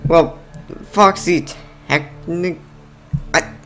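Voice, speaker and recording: A man's voice: a little high, fairly even intonation, very slow, a bit bright, soft background music. A young man hosting casual gaming commentary, rambling and jokey, often cutting himself off mid-sentence. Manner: rambling, self-interrupting, jokey. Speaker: gaming video host.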